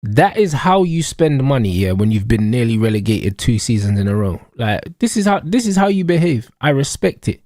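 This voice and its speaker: A man's voice: medium pitch, sing-song, moderate pace, few pauses, a little mellow, no echo, clean studio sound. A young man with a London accent, ranting casually about football on a live stream, full of slang and repeated catchphrases. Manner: slangy, emphatic, repetitive.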